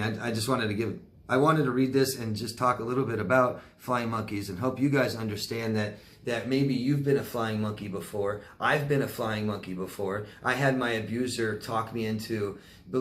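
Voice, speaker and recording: A man's voice: mid-range voice, steady tone, normal speed, reverberant, slight background noise. A man, a life coach, answering viewer questions in a loose, rambling way, repeating words and using many fillers. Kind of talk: casual Q&A monologue.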